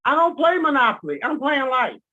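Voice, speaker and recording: A man teaching in casual talk, animated, acting out quotes and laughing at his own jokes. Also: extremely high pitch, normal speed. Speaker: guest speaker. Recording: dull lo-fi sound.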